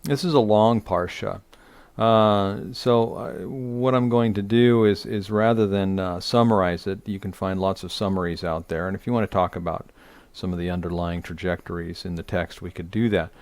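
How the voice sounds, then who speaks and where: A man's voice: low voice, fairly even intonation, moderate pace, dry recording. A middle-aged man, a rabbi, teaching an online Torah study, speaking off the cuff with many fillers and restarts.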